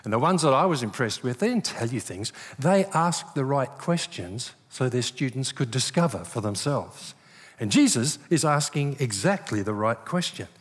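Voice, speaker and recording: Lively pastor in a hall. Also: male voice, mid-range voice, moderate pace, husky. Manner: animated storyteller, acts out quoted voices. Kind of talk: sermon. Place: church hall. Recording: long reverb of a large hall.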